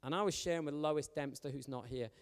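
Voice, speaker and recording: Chatty youth pastor in a hall. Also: male voice, a little high, brisk. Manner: chatty, animated, joking with the young audience. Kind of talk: informal storytelling sermon. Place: church hall. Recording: long hall reverb.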